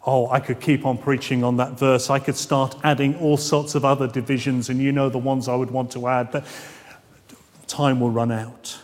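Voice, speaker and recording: A man preaching a sermon, measured and emphatic, drawing out key phrases. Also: medium pitch, flat delivery, big-room sound. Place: church.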